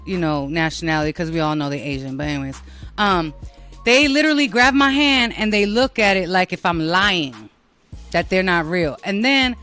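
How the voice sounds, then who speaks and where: A woman with a New York accent hosts her show in a loose, rambling monologue. She talks bluntly and swears freely, and her voice is bright and forceful. Faint music plays underneath her. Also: medium pitch. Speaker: host. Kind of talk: casual monologue.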